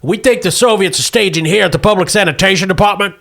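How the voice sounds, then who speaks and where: A man voicing a gruff middle-aged Marine captain who briefs his team in clipped military orders during a tabletop game. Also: high-pitched, quick pace, a bit bright, voice pushed up. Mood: briefing.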